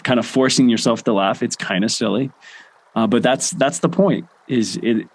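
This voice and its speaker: A young adult man guiding a laughter meditation session in a relaxed way, with many fillers and restarts. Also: mid-range voice. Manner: chanting rhythmic ho ho ha ha. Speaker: meditation guide.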